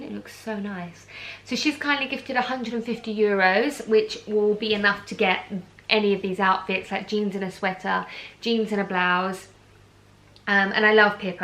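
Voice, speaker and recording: A woman's voice: medium pitch, a bit bright, low-quality recording. A pregnant young woman from the UK, hosting a charity giveaway on her vlog, gushing with enthusiasm and filling her talk with "um" and "like". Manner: gushing, enthusiastic, lots of fillers like "um" and "like". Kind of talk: casual chatty vlog.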